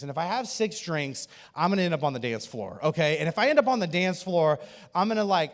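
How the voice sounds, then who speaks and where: A man preaching a sermon as a pastor, telling stories in an animated way and acting out the people he quotes. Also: a little high. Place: church auditorium. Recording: church hall reverb.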